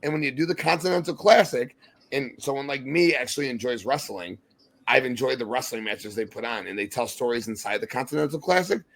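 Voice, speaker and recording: A young man co-hosting a podcast, ranting heatedly with profanity and yelling in exasperation. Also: medium pitch, fairly quick, creaky. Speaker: podcast co-host.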